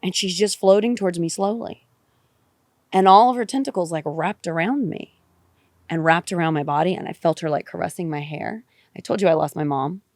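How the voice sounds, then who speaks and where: A woman podcast guest telling a personal story in an animated way, repeating phrases and swearing casually. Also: lowish voice, fairly quick, dry recording, studio quality.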